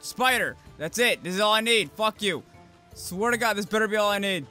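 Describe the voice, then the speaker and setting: A man hosting a let's-play, excitable and foul-mouthed, yelling at the game as he plays. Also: sits high, a little fast. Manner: excitable, swears a lot, yells at the game. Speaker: gaming channel host. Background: game music.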